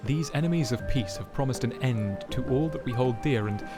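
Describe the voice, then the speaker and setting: A man's voice: medium pitch, brisk, lightly acted. A man voicing a polite, earnest male questioner with a courteous manner, over background music. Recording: music playing behind.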